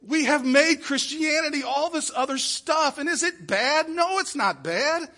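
High, bright-voiced preaching man. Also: lively intonation, unhurried, few pauses. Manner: emphatic preaching with sudden loud peaks and drops to a hush. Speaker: pastor. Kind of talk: sermon. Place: church sanctuary.

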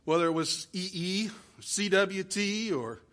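A middle-aged man preaching a sermon as pastor, emphatic, swinging from loud peaks to hushed drops, recorded in a church. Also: high voice, a little slow. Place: church sanctuary.

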